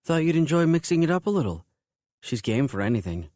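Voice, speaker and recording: A man's voice: a little high, sing-song, brisk, dark tone, no room sound, clean studio sound, pitched above the performer's own voice. A man doing a sly teasing woman. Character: pushy teasing woman bartender type.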